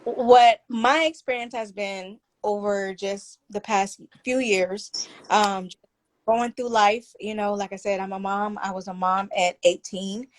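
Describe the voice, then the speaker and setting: A woman author and therapist being interviewed over a video call, speaking softly and hesitantly with many pauses. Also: medium pitch, fairly even intonation. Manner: soft-spoken, hesitant, many fillers. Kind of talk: casual interview.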